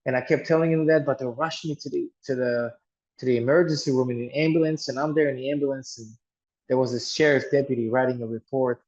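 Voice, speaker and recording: A man's voice: mid-range voice, fairly even intonation, fast, darkish tone, dull audio. A man telling a personal story earnestly, often restarting and repeating words. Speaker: guest telling his story.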